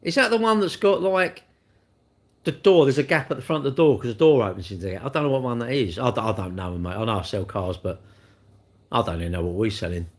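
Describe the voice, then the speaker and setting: A man's voice: medium pitch, fast talker. A middle-aged man, hosting a casual live stream where he reads viewer comments and chats bluntly, rambling with restarts and tag questions. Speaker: livestream host.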